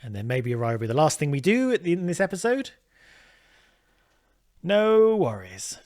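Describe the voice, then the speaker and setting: A man's voice: on the high side, very animated, very fast, darkish tone. A man, casually thinking aloud while playing a game. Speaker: let's play host.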